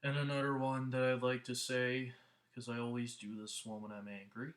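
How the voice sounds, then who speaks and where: A man's voice: mid-range voice, level tone, moderate pace, a bit bright. A man hosting a casual movie review vlog, talking earnestly in a rambling way with many restarts, into a headset mic.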